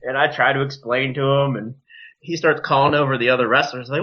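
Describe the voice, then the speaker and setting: Animated man telling a wrestling story. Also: medium pitch, a little fast. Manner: animated, profane, acts out quoted voices. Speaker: wrestler, podcast guest. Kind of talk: casual storytelling. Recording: dull lo-fi podcast audio.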